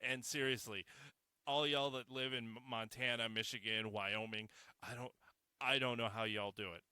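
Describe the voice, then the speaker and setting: A man hosting a casual solo podcast, talking in a profane, sarcastic, animated rant. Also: mid-range voice, normal speed, smooth, no echo. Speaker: podcast host.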